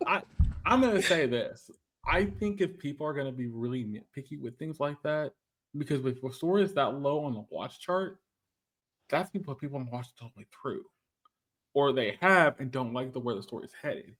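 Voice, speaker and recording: A man's voice: medium pitch, expressive, fairly quick, fairly bright tone. A man co-hosting a casual anime podcast, talking emphatically and repeating himself as he argues his points. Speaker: podcast co-host.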